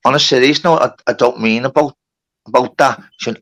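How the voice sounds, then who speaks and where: A man's voice: mid-range voice, fairly even intonation, brisk, fairly bright tone. A man telling a long story on a livestream, with lots of swearing and reported speech. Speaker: livestream host. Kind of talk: casual storytelling.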